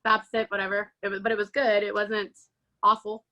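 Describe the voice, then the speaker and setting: A woman, telling her life story as an interview guest, animated and acting out quotes with frequent laughter. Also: medium pitch, fast, dull audio. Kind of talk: personal testimony.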